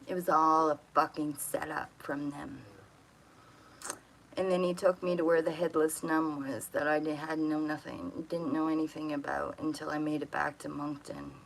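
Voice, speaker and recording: A woman with a lowish voice from Atlantic Canada tells a personal story in a casual, rambling way. She is blunt and swears freely as she talks. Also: little pitch movement, normal speed, creaky, slight background noise, low-quality recording.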